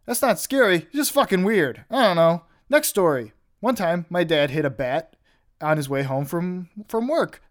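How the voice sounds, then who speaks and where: A young man hosting a podcast, telling stories in a rambling, offhand way with casual swearing. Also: fairly high pitch. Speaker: podcast host. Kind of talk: casual storytelling monologue.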